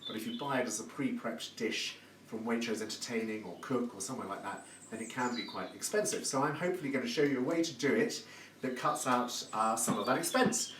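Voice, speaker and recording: A man's voice: mid-range voice, fairly quick, fairly bright tone. A man hosting a live cooking demonstration from his kitchen, chatty and effusive and full of praise words. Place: home kitchen. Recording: echoey room, distant mic, background noise.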